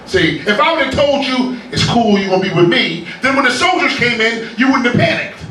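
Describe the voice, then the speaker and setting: A man preaching a lively sermon to his congregation, joking and drawing laughter, heard from a distance in a church. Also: extremely high pitch, brisk, a little hiss or hum. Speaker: pastor. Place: church sanctuary. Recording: echoey church room from a distance.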